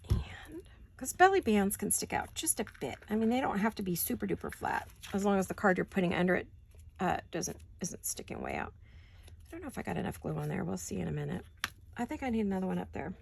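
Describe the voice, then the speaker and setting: A woman hosting a casual craft-along, thinking aloud as she works at her desk and often dropping into soft, muttered asides. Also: medium pitch, expressive, fast talker, gravelly, a little hiss or hum. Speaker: crafting channel host.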